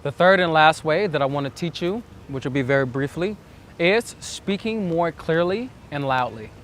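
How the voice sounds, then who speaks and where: A man's voice: a little high, expressive, normal speed, fairly bright tone, slight background noise. A man giving earnest, reflective dating advice as a coach, acting out the self-talk he describes. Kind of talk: instructional monologue.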